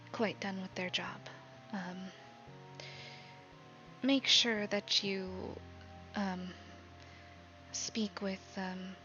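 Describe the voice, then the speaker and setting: Lady doing a soft worried patron lady, whispered role-play, hushed and slow, lo-fi with faint music. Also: mid-range voice, creaky, full character voice. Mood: tender. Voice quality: hushed, soft-spoken with halting pauses. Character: worried, gentle female warlock patron.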